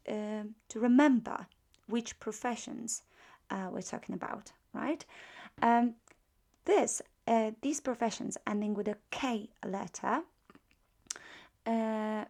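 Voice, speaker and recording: Woman teacher, Polish accent, slow deliberate delivery, drills words, gravelly edge. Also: medium pitch, darkish tone. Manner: frequent fillers and checking questions. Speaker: language teacher. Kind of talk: beginner language lesson.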